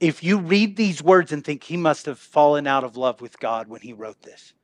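High-voiced joking male pastor. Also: expressive, normal speed. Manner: humorous, conversational, swings between loud reading and hushed asides. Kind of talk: sermon. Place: church sanctuary.

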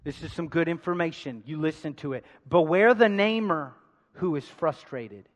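A man preaching a sermon, calling out to the congregation for responses and swinging between loud emphasis and hushed asides. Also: fairly high pitch, lively intonation, moderate pace. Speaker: pastor. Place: large church hall. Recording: long hall reverb.

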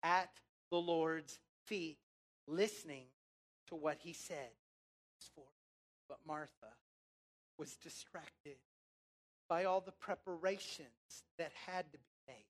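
A preacher giving a sermon with emphatic, drawn-out words, swinging between loud and soft, who asks the congregation questions and has them repeat phrases. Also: medium pitch.

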